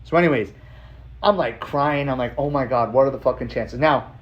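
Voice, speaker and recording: A man's voice: mid-range voice, brisk, muffled recording. A man hosting a podcast, telling a personal story in a loose, profane, casual monologue. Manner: loose and profane, with frequent "like" fillers. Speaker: podcast host.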